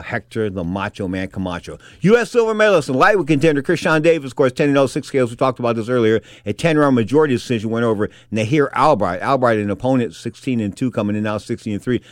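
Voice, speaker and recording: Fast-talking male boxing radio host. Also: medium pitch, no room sound, studio quality. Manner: fast rambling asides, many "of course" and "anyway". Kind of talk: casual talk radio monologue.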